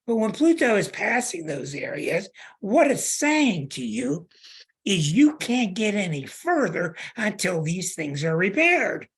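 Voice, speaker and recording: A man's voice: high-pitched, very animated, measured pace, slightly rough. A man hosting an astrology show, reading a caller's chart in an emphatic, plain-spoken way and repeating his points. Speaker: astrologer host.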